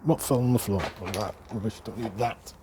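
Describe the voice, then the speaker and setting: The recording is very noisy as a middle-aged man with a fairly low-pitched voice and British English accent talks fairly quickly. Presenting as an airgun hobbyist, he walks through a hands-on repair casually, explaining things chattily and chuckling between points.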